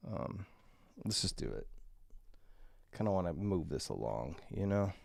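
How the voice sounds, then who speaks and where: A man chatting casually on a morning stream, tired and rambling, with crude, self-mocking remarks and frequent throat clearing. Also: sits low, big pitch swings, unhurried, a little mellow, dry recording, clean studio sound. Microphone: desk mic.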